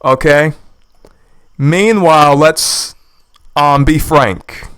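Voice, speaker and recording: Indignant man, smooth, slightly high voice. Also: very slow, a bit bright, dry recording. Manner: indignant, sarcastic, repeats his points. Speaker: YouTube commentator. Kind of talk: reaction commentary. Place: lives in the United States.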